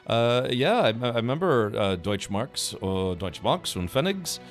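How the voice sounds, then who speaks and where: A man's voice: mid-range voice, sing-song, measured pace. A man chatting casually while he streams a game, musing aloud with many fillers. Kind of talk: casual gameplay commentary. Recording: faint game music behind.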